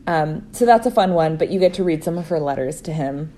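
Chatty giggly young woman, low-pitched. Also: lively intonation, brisk, crowd noise. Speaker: podcast co-host. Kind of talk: casual chat.

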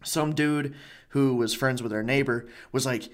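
Guy rambling thru a story in a casual chat, mid pitch, swears a bit, lots of likes and ums. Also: steady tone, measured pace. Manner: loose, rambling storyteller with filler words and swearing.

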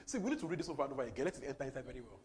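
A man preaching over a Bible reading, animated and laughing often, with repeated exclamations. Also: medium pitch, very fast. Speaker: preacher leading a Bible study. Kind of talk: lively sermon commentary.

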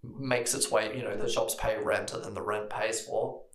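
A man's voice: on the low side, steady tone, moderate pace, roomy sound. A man from Australia with an Australian accent, co-hosting a casual chat and telling a long story, often laughing and slipping in bits of other people's voices. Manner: rambling, laughs often, mimics people in stories. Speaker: podcast co-host.

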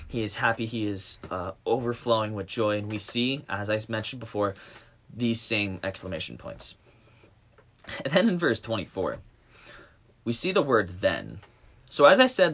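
A man's voice: fairly low pitch, fairly bright tone. A man leading a casual Bible study discussion, reading scripture aloud and explaining it loosely with plenty of fillers.

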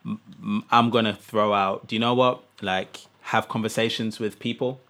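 A man co-hosting a podcast, talking eagerly in quick bursts with restarts. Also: fairly low pitch, fairly even intonation, fairly bright tone. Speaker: podcast co-host. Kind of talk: casual chat.

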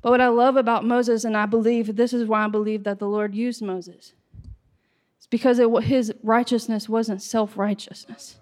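A woman delivers a sermon in a high voice, climbing from steady teaching to impassioned shouting. The words ring out with a long reverb that fills the hall. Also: moderate pace. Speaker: preacher.

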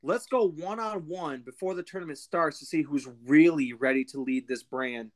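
A courteous but confident male wrestler. A narrator reads his lines quickly, in a plain everyday voice. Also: medium pitch, close to an everyday voice. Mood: earnest.

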